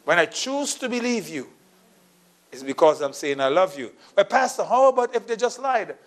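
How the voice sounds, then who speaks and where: A middle-aged male pastor preaching a sermon, telling a personal story, moving between soft asides and raised, emphatic lines. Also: sits high, very animated, moderate pace.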